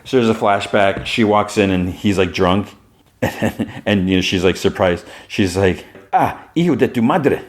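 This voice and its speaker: A low-pitched male podcast host retells an episode scene by scene in an easygoing, chatty way. He keeps slipping in "he's like" and "she's like" as he paraphrases what the characters say. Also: flat delivery, a little slow. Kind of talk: casual recap of a TV episode.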